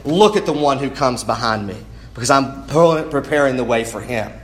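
A man's voice: mid-range voice, animated, moderate pace. A man preaching a sermon in an earnest way, often restarting words as he goes. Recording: roomy echo.

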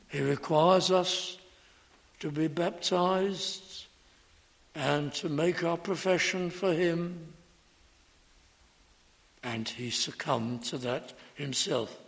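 Male preacher, sermon, very slow and deliberate, emphatic stresses, long church reverb. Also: a little high, a bit bright.

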